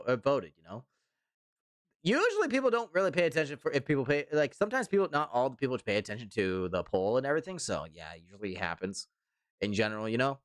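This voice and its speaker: Lively young Canadian man streaming. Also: on the high side, no room sound, studio quality. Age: 20s. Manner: rambling, repeats himself, reads chat aloud. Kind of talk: casual live-stream chat.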